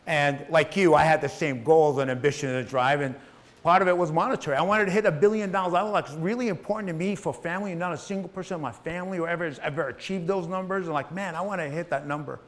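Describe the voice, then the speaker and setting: A man's voice: fairly high pitch, quick pace. Middle-aged male motivational speaker, punchy and repetitive, talks right at the crowd. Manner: emphatic, repetitive, addresses audience directly. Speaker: guest speaker. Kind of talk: motivational stage talk. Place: event hall with live audience.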